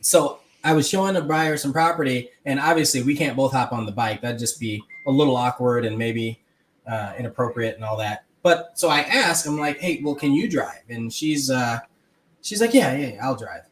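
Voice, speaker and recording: A man's voice: mid-range voice, normal speed, slight background noise. A man on a casual chat telling a story in an easygoing way.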